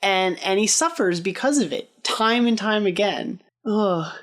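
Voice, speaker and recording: A woman's voice: medium pitch, lively intonation, measured pace. A woman in a casual podcast discussion, reacting with sympathy to a film character.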